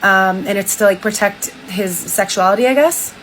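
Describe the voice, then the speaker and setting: A woman's voice: moderate pace, a little hiss or hum, poor audio. Casual woman streamer retelling a story. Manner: retells quotes in a flat, lowered voice, casual filler "like". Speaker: streamer reading a diary aloud.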